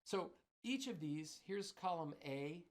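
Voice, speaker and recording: A man's voice: fairly high pitch, expressive, slow pace. A man teaching a drum clinic in a studio, wearing a mic and scatting rhythms with syllables as he explains. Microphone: wearing a microphone.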